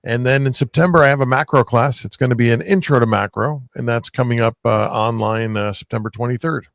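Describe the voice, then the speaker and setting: An American man on a casual online panel, relaxed and matter-of-fact. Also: medium pitch, a little fast, gravelly, no echo, clean studio sound.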